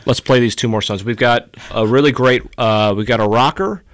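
A man's voice: mid-range voice, normal speed, no echo, clean studio sound. A young man hosting a college radio show, chatting casually and joking sarcastically with his co-host. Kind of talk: casual chat.

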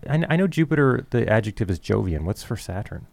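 A man's voice: on the low side, very animated, quick pace, vocal fry, a crowd in the background. A man co-hosting a college radio show, joking around in casual banter. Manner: playful, puts on a mock radio announcer voice. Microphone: studio microphone.

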